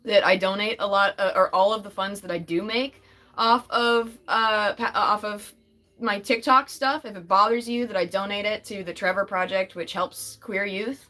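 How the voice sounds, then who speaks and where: A woman's voice: medium pitch, steady tone, moderate pace, bright, forceful tone. A young adult woman chatting casually on her livestream, laughing often and answering chat comments as they pop up. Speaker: livestream host.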